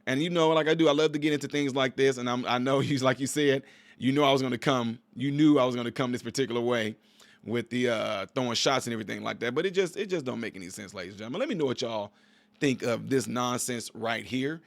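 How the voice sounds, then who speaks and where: A man in his forties talks straight to his viewers in an emphatic, preachy way and comes back to the same points again and again. His voice sits at an ordinary pitch and sounds dry and close. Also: fast, gravelly, no echo. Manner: emphatic, preachy, repeats himself. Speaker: commentator reacting to a video clip. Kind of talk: opinionated reaction commentary.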